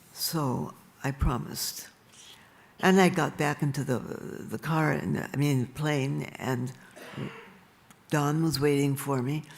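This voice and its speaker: An older woman tells her stories to a live audience at a leisurely pace. Her voice has a rough, gravelly grain, and she laughs softly now and then. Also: a bass voice. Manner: slow and unhurried, with soft laughs. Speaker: speaker at a live talk. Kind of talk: storytelling at a live event. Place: stage in a large venue.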